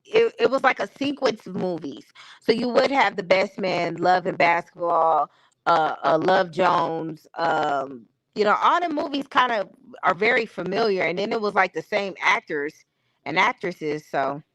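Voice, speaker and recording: A woman's voice: lowish voice, lively intonation, unhurried, a bit bright, dry recording, rough recording. A woman hosting a live stream, chatting casually in a candid, opinionated way with slangy everyday talk. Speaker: stream host. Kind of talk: casual chat. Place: home streaming setup.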